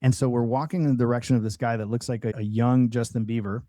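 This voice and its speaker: A man's voice: mid-range voice, fairly even intonation, fast, warm tone, no echo. A man, a podcast guest, earnestly telling a personal testimony in conversation, with many restarts and fillers.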